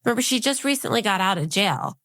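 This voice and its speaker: A woman co-hosting a podcast, chatting casually and teasing her partner with quick quips. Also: medium pitch, animated, a bit bright, no echo, clean studio sound. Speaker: podcast co-host. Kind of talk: casual chat.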